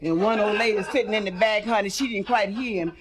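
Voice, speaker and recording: Bawdy comedienne, earthy storytelling, lively laughing crowd around her. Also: mid-range voice, quick pace. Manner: earthy, calls listeners honey. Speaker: stand-up comedian. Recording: live audience laughing along. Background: audience laughter and responses.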